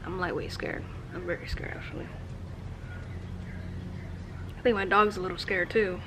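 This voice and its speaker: A woman's voice: lowish voice, steady tone, normal speed, background noise. A woman hosting her own cooking vlog outdoors in a backyard, talking in a rambling, chatty way and swearing casually. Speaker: cooking channel host.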